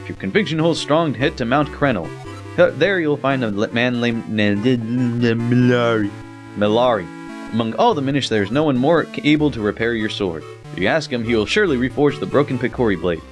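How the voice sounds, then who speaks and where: A man's voice: medium pitch, fairly quick, soft background music, natural voice. A man reading out the lines of a wise old male Minish elder in a video game, stumbling over words. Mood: solemn. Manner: stumbling read-aloud.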